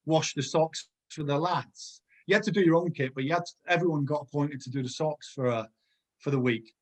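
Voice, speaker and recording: A middle-aged man tells stories from his playing days in a loose, animated way, often breaking into laughter. His voice sits slightly high for a man. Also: a little fast. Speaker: podcast guest, former footballer. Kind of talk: casual storytelling.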